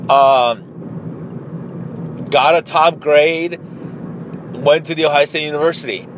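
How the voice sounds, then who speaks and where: A man's voice: fairly high pitch, slow pace, slight background noise, poor audio. A man, a marathon runner, tells a story in a casual, rambling way, with many fillers and some swearing.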